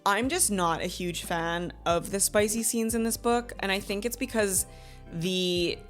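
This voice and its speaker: A woman in her thirties hosting a book club review in a chatty, animated way, laughing often and acting out quotes. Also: mid-range voice, a little slow, soft background music. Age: 30s. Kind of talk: casual book review chat.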